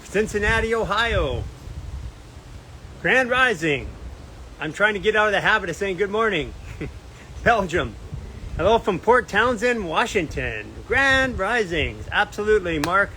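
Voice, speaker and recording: A man's voice: sits high, pushed and bright, a little hiss or hum, low-quality recording. A Canadian man hosting a casual live stream outdoors near a beach, upbeat, reading out where his viewers are from. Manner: upbeat, reads out viewer comments and places.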